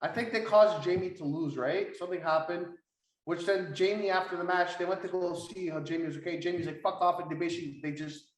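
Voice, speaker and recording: A young man co-hosting a casual wrestling podcast, excitable and swearing as he retells segments. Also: high-pitched, fast, echoey room, poor audio. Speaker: podcast co-host.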